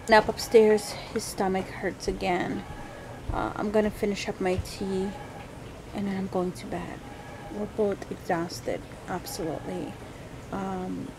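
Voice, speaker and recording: A medium-pitched woman, a vlogger mother, talks casually and at length to her viewers about her sick baby while at home at night. She's tired and unwell, and the background is noisy.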